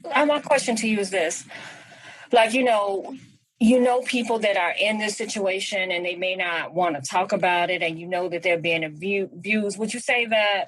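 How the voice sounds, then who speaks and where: A woman's voice: medium pitch, normal speed, no room sound, low-quality recording. A woman hosting a podcast interview, asking questions and encouraging her guest with short affirmations. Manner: encouraging, frequent affirming murmurs. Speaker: podcast host.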